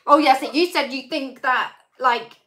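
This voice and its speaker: Girl rambling on a livestream, filler words everywhere, kinda high voice. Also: steady tone, measured pace, pushed and bright. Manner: chatty, rambling, many fillers. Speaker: channel host. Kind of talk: live-stream Q&A chat.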